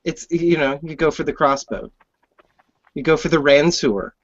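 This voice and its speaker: A man's voice: on the high side, moderate pace, dry recording. A man hosting a podcast, talking enthusiastically about the books with many stumbling restarts. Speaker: podcast host. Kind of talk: podcast interview chat. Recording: dull, dry lo-fi audio.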